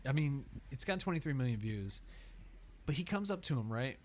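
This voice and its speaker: A man's voice: mid-range voice, sing-song, normal speed, a little hiss or hum. A man hosting a reaction video, rambling casually with frequent laughs and swearing. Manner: rambling, profane, laughs often. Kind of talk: casual commentary over video clips.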